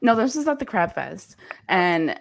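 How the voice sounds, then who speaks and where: A woman's voice: mid-range voice, big pitch swings, normal speed, gravelly. A woman from Pennsylvania hosting a casual chat, telling stories candidly with laughs and swearing. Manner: candid, laughing, profane storytelling. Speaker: host.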